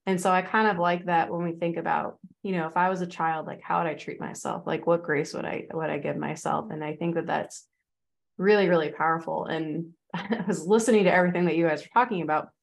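A woman's voice: lowish voice, fairly even intonation, a little fast, creaky. A woman fitness coach in casual podcast chat, talking loosely with many fillers and acting out quoted voices.

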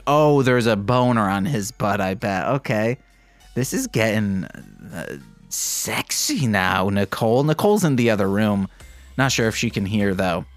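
A man's voice: mid-range voice, lively intonation, unhurried, no echo, faint music behind. A male podcast host reading fan fiction aloud, breaking off for wry, self-mocking asides.

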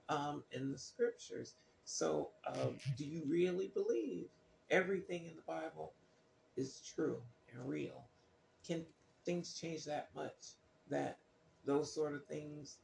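A man with a fairly high, slightly mellow voice and some vocal fry reads scripture aloud and comments on it casually and skeptically, full of fillers and restarts. The sound is roomy, with a little hiss or hum.

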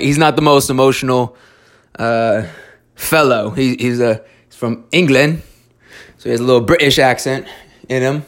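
In a casual monologue, a man with a mid-range, fairly bright voice tells a story and hands out earnest, motivational life advice. He's blunt, swears freely, and keeps stumbling into restarts.

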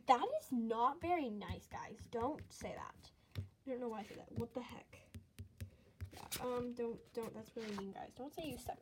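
A teenage girl chats casually at home, high-voiced and self-mocking. She giggles and slips into whispered asides. A faint hiss and small clicks sit under her voice. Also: animated, moderate pace, darkish tone, poor audio. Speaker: vlogger. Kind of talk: casual commentary on old sketchbook. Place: bedroom at home.

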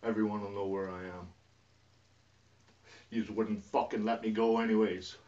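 Brief: agitated man, heavy swearing, sudden shifts from mumbling to shouting, dull lo-fi sound. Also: lowish voice, level tone, normal speed. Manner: profane and agitated, swinging from muttering to yelling. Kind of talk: rambling emotional rant to camera. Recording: distant, dull lo-fi recording.

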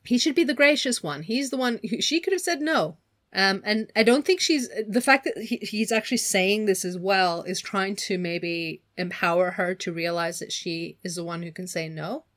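Woman, podcast co-host, loose talky book chat, mid-range voice, lively. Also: mid-range voice, moderate pace. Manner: chatty, animated, laughs often, slips into put-on accents. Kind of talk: casual book discussion.

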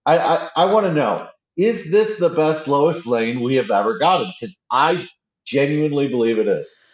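A man's voice: a little high, animated, normal speed. Eager man, casual chat, roomy slightly dull recording, frequent restarts. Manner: enthusiastic, restarts often, acts out quotes. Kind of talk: casual pop-culture chat.

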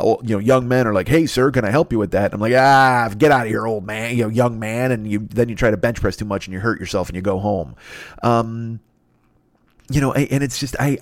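A man in his fifties telling a rambling, profane comedic monologue, jumping into silly voices for the people in his story. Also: mid-range voice. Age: 50s.

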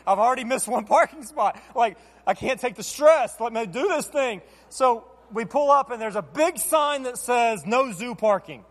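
High-voiced preacher in a reverberant hall. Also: male voice, moderate pace, hardly any pauses. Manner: animated, self-deprecating storyteller acting out dialogue. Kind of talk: storytelling sermon. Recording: long reverb of a large hall.

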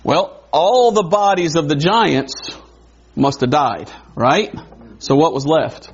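A man preaching a sermon in a conversational way, wondering aloud and adding quick asides. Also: a little high. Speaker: pastor. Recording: dull lo-fi recording.

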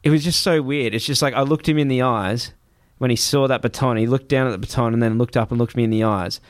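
A man's voice: medium pitch, quick pace, no room sound. Man telling a story. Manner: animated, swearing, acts out voices. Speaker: guest telling a travel story. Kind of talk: casual storytelling.

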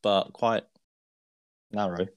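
A man's voice: fairly low pitch, steady tone, takes it slowly, smooth, no room sound. A man being interviewed as a guest on a podcast, explaining things in a loose, rambling way. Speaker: guest racer. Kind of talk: casual chat.

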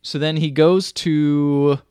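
A man co-hosting a podcast, casually retelling movie scenes and quoting the characters in quick offhand voices. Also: fairly high pitch, fairly even intonation, warm tone, clear, resonant tone, no echo, studio quality. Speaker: podcast co-host. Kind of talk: casual movie recap chat.

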